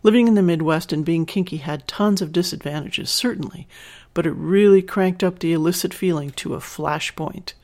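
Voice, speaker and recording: Steady story narrator, mid-pitched. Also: moderate pace.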